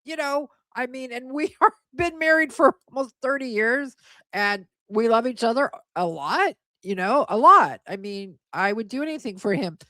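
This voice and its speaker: A woman's voice: on the high side, animated, moderate pace, bright, forceful tone, no echo. A woman in her forties hosting a casual live stream, chatty and blunt, scornful as she reads viewer comments aloud. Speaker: host.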